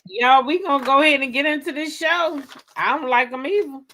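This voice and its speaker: A woman's voice: sits high, a little fast, crowd noise. A woman hosting an online talk show, chatting casually with sassy, playful banter. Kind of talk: casual chat.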